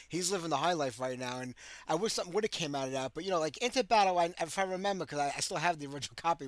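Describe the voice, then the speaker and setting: A man hosting a metal radio interview, sharing quick, enthusiastic commentary as a longtime fan. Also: on the high side, fairly bright tone, no echo. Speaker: radio show host. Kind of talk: casual interview chat.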